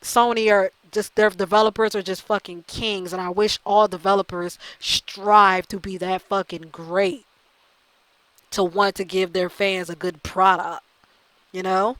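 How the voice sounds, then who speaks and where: A woman rants into a close mic about a video game, exasperated and swearing freely. She circles back and hammers the same points again and again. Her voice sits at a middling pitch, and the recording is dry, with no room sound. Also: little pitch movement, measured pace, fairly bright tone, dry recording, low-quality recording. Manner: exasperated, profane, repeats herself. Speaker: gaming channel host. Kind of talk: ranting video commentary.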